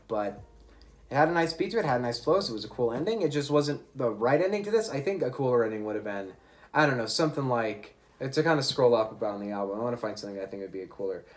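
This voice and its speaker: A man casually reviewing an album, opinionated and chatty, often correcting himself mid-sentence. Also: mid-range voice. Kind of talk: casual music review monologue.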